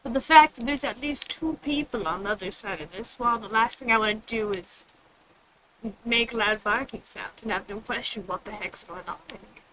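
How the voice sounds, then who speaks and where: A woman's voice: a little high, normal speed, crowd noise, poor audio. A woman streaming a game, chatting casually in a rambling way and answering chat. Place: home room with others nearby.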